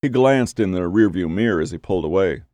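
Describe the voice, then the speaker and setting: A man reads gritty crime fiction with steady storytelling pacing. His voice sits fairly low. The recording is dry, with no room sound. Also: fast, dry recording. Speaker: audiobook narrator. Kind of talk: scripted crime fiction narration.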